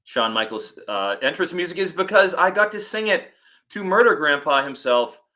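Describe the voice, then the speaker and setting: A man, a football analyst, chatting casually on a podcast and telling rambling, animated stories with many restarts. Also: a little high, moderate pace.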